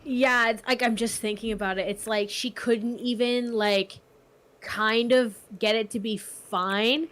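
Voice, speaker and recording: A woman with a Boston accent speaking as a guest commentator on a live stream. Her voice is fairly high, and she rambles loosely, filling her sentences with "like". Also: steady tone, unhurried, a bit bright. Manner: rambling, filler-heavy. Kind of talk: casual commentary chat.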